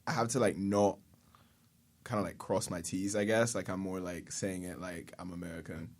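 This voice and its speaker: A young man with a British accent talks as a guest in a relaxed, easygoing way. He laughs often and pokes fun at himself. His voice sits a little low. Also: moderate pace. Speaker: guest rapper. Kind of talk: casual chat.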